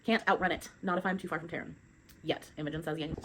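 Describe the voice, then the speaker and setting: A young woman talks fast and chattily through a book recap, full of fillers as she reads quotes aloud. Her voice sits on the low side. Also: fairly even intonation, fairly bright tone, slight background noise, poor audio. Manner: chatty, many fillers, quick summarizing. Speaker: book reviewer.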